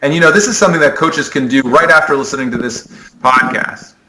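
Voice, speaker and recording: A male sport psychologist talks fast in a pushed, bright, medium-pitched voice, earnestly laying out ideas in a conversational podcast interview and often restarting his sentences. The audio is poor, with a little hiss or hum.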